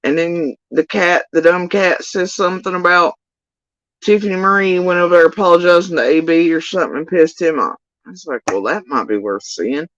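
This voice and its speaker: A woman's voice: on the low side, fairly quick, no room sound. A woman giving casual ranting livestream commentary, profane, sarcastic and exasperated, on a dull, dry lo-fi recording. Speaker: YouTube drama commentator.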